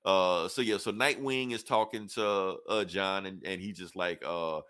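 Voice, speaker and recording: A lower-voiced man chats casually about comics, rattling through the story and slipping into quick voices for each character. His talk is loose, full of fillers and asides to his co-host. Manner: animated retelling that acts out characters' lines in quick quoted snippets. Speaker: podcast co-host reviewing comics. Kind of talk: casual comic review chat, retelling plot.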